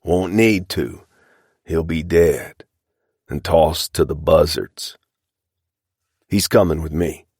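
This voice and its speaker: A man reading the part of a surly middle-aged cattle rustler, sullen and evasive, in a rough frontier drawl. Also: rumbling low, takes it slowly, long pauses, a little mellow, no room sound, studio quality, full character voice. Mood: bitter.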